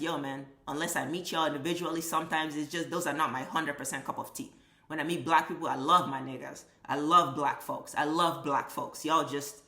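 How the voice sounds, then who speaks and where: Low-voiced woman ranting bluntly. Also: a bit bright. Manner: blunt, profane, emphatic ranting. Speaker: vlogger. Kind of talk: impassioned opinion monologue. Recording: echoey room.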